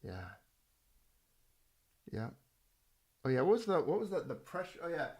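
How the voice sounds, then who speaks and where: A man's voice: fairly high pitch, big pitch swings, normal speed, a little mellow, slightly rough. A man hosting his channel's livestream, chatting casually and rambling with many restarts. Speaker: channel host.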